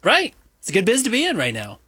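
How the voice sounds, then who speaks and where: A man in casual sports radio banter, opinionated and rambling with plenty of fillers. His slightly high voice swings widely in pitch as he gets worked up. The sound is close and dry. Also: huge pitch swings, fast talker, pushed and bright, breathy edge, no echo. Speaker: sports talk co-host.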